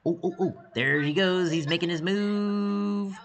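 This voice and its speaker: A man coaching students as he gives excitable live commentary on their game practice, thinking aloud with quick exclamations and sometimes dropping to a hush. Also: high voice. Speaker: esports coach.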